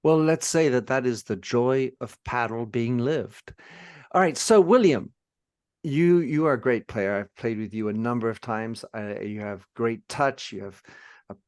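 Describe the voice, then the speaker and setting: A man hosting a podcast in a casual interview, upbeat with quick affirmations. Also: medium pitch, dry recording, clean studio sound. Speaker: podcast host.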